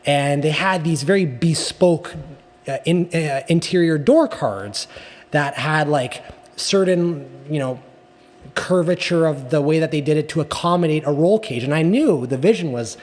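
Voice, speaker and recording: A man's voice: fairly high pitch, lively intonation, normal speed, darkish tone. A man from Canada chatting casually as a guest in an interview, rambling, with many restarts and tag questions. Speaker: guest, car enthusiast. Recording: long reverberant echo.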